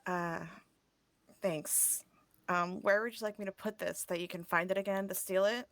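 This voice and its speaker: A woman's voice: medium pitch, fairly even intonation, moderate pace, fairly bright tone, dry recording, lightly acted. Sarcastic, exasperated woman detective voiced by a woman, dry close sound. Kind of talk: voicing a character in a tabletop game.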